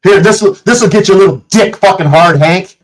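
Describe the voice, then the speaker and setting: This streamer has a high voice and speaks at normal speed, yelling at his chat in a furious, profanity-filled tirade against critics and commenters. His streaming mic produces low-quality audio.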